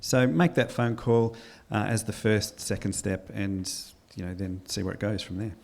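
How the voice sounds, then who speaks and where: A man who runs a counselling practice giving calm, practical advice on a panel. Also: fairly low pitch, moderate pace, gravelly. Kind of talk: panel discussion.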